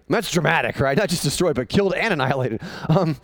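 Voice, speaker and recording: A man preaching a sermon, retelling a Bible story as an animated, conversational storyteller with jokes. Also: fairly high pitch, fast talker, few pauses, dry recording. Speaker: pastor.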